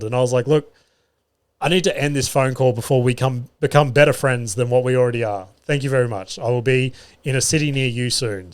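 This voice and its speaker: Australian male comic, solo podcast host, casual storyteller with a foul mouth and a self-deprecating streak. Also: medium pitch. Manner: chatty, swears freely, self-mocking. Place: podcast studio.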